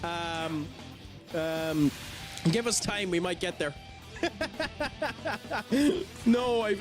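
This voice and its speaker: Irish male streamer, unhurried delivery, laughs and curses through gameplay. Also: sits high, huge pitch swings. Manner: laughs often, swears, reacts loudly. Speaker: gaming streamer. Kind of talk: live gameplay commentary chatting with viewers. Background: game music.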